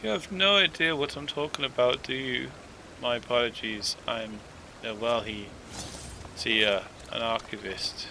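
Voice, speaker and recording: A man's voice: mid-range voice, a little slow, gravelly, pushed and bright, a little hiss or hum. A man doing a flustered fretful archivist. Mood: worried. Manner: flustered, apologetic, stammering. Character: fretful male archivist seeking a lost specimen.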